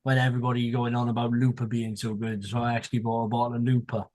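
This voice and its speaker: A British man on a casual group chat, telling stories at an unhurried pace. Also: medium pitch, flat delivery, darkish tone.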